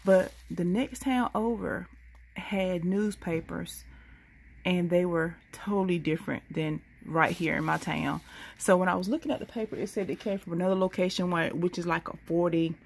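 A woman's voice: lowish voice, steady tone, normal speed, gravelly, slightly rough. A sleepy woman, rambling through a casual late-night vlog into a handheld phone. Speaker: couponing vlogger.

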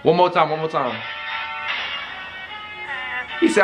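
A man giving casual reaction commentary, animated, slangy and joking. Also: fairly high pitch, slow pace, over music. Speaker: YouTuber reacting to a video.

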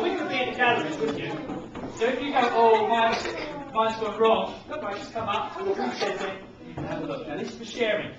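A young man leads a lesson for small children, upbeat and full of encouragement. His fairly high voice bounces around a very echoey hall. He is away from the mic, so the sound is dull and carries background noise. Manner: upbeat, encouraging, demonstrates with acted examples. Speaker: museum educator. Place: large museum hall. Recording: echoey, distant, muffled, noisy.

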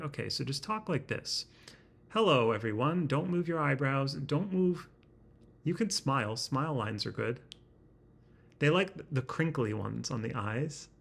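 A man talking to his laptop camera in a house, halting and self-deprecating, searching for his words, with a slightly constricted sound in his throat. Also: mid-range voice, gravelly, husky. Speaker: vlogger. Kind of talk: rambling self-conscious vlog. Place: indoors in a house. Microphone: laptop webcam.

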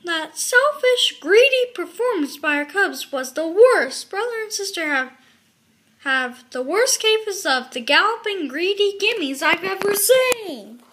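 A woman's voice: extremely high pitch, big pitch swings, a little slow, voice pushed up, heavily acted. A woman voicing an outraged bear father who roars as he scolds his cubs from a storybook. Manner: roaring, shouting.

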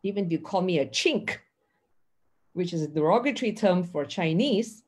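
A middle-aged woman giving an earnest mindfulness teaching talk, acting out dialogues with lively emphasis. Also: fairly low pitch, moderate pace, husky.

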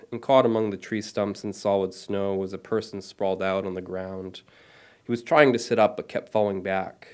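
Author in his thirties reading own story, lowish voice, self-deprecating, steady delivery. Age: 30s.

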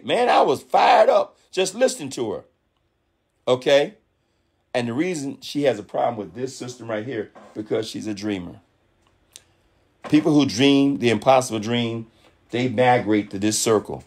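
A man giving a fired-up motivational talk to his network marketing team, preachy and animated, acting out other people's voices in quotes. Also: medium pitch, moderate pace, gravelly, slightly rough. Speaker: network marketing leader speaking on a call.

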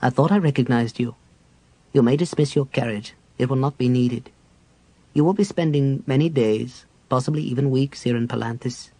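Male reader as a low, hushed dark elf sorcerer for a fantasy audiobook, calm and controlled. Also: no echo, close to an everyday voice. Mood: cool. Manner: quiet, measured. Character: cool, composed young dark elf mage.

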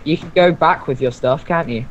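A young man co-hosting a let's play, excitable and quick to swear. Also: on the high side. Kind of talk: casual gaming chat. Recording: slightly dull lo-fi mic with faint noise.

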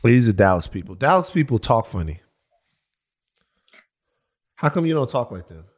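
A man's voice: medium pitch, sing-song, moderate pace. A man co-hosting a podcast in casual chat, playful and given to singing his own jingles. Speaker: podcast co-host.

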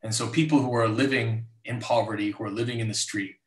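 A man telling a personal story as guest speaker in a live online talk, lively and acting out others. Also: mid-range voice, fast talker, roomy sound, recorded from a distance. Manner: animated storyteller, voices others in his anecdotes.

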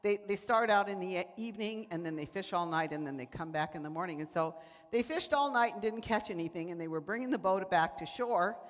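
A woman's voice: lowish voice, fairly quick. A woman giving a sermon, telling stories and acting out the voices of people in them. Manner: animated, acts out voices in quotes. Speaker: preacher. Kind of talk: sermon with storytelling. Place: church sanctuary. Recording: church hall reverb.

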